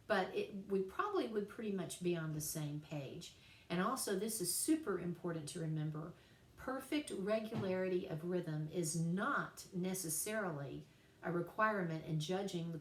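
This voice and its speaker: A woman writing teacher giving a recorded class lecture, chatty and playful, slowing down to spell out examples. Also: fairly low pitch, reverberant, far from the mic.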